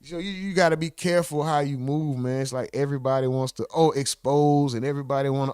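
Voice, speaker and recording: A man hosting a livestream, reacting to clips in casual, profane street slang, often mimicking other people's voices with sudden high jumps. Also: steady tone, fast, few pauses, a little mellow, clean tone, no echo, studio quality. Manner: profane, slangy street talk addressing chat.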